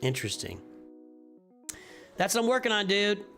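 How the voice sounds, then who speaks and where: A man's voice: high-pitched, huge pitch swings, moderate pace, creaky, pushed and bright. A man streaming live, reviewing viewers' game rosters in casual commentary, thinking aloud with restarts and repeated phrases. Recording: faint music behind.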